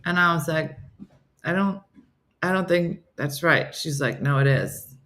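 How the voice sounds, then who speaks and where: A woman's voice: deep voice, a little slow, fairly bright tone. Chatty woman telling a funny story. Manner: chatty storytelling, reads viewer comments aloud. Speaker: host of a comedy morning show. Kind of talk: casual chat.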